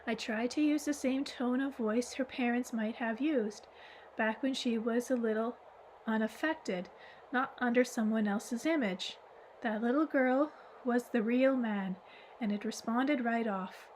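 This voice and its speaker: A woman reading the part of a gentle, wise old man in an audiobook, explaining calmly and patiently. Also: fairly high pitch, a little slow, a little hiss or hum, lightly acted, low-quality recording.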